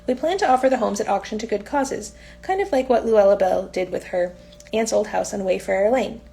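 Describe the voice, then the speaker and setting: A woman's voice: medium pitch, a little fast, creaky, dark tone. A woman reading aloud from her own novel in a casual, unpolished audiobook style, now and then stumbling and correcting herself.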